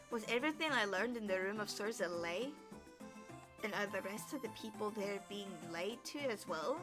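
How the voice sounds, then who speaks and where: A woman voicing a guarded, earnest young woman knight in a story game, speaking in a quiet, brooding inner monologue. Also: medium pitch, lightly acted. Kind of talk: reading a story game aloud.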